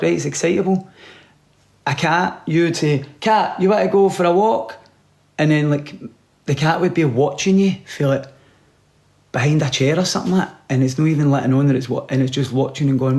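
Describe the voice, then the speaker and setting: A man giving rambling, deadpan comic advice, sometimes dropping to a whisper. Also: a little high, a little fast, vocal fry. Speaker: comedian. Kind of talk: comic monologue.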